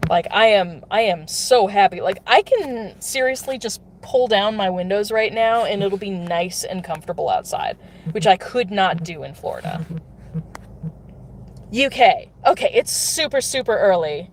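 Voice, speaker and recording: A woman's voice: mid-range voice, lively intonation, a little slow, slight background noise. A woman casually chatting with viewers while she plays a mobile game in her car, giggling often. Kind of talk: casual live-stream chat while playing. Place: in a car, pulling over.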